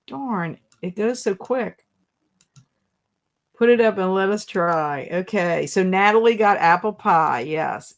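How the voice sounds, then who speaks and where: On the low side and creaky, the voice belongs to a booktube livestream host. She reads viewer comments aloud in a chatty, giggly manner and laughs often at the jokes people send in.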